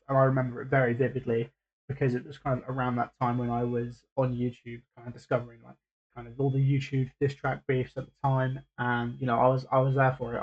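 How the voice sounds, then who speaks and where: A man's voice: medium pitch, breathy edge, muffled recording. A man hosting a reaction video, talking casually and hesitantly with lots of fillers and restarts.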